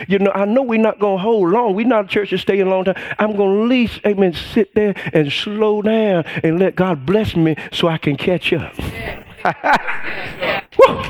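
A middle-aged pastor preaches a sermon in a high-pitched voice. He shouts exclamations, calls for the congregation to respond, and draws out key phrases for emphasis.

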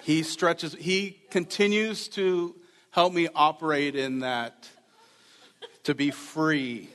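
A man's voice: a little high, fairly even intonation, takes it slowly, fairly bright tone. A man giving a sermon as a pastor, earnest and conversational, repeating key phrases. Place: church sanctuary. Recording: reverberant church hall.

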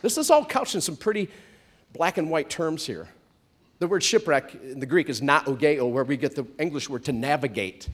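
A man preaching a sermon to a church congregation, animated, swinging from loud comic outbursts to soft hushed storytelling. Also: on the high side, normal speed.

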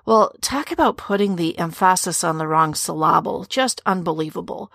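A woman's voice: lowish voice, moderate pace, creaky, hardly any pauses, fairly bright tone, no room sound, clean studio sound. A middle-aged woman hosting a Bible teaching podcast, speaking earnestly straight to women listeners and asking rhetorical questions. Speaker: podcast co-host teaching on scripture.

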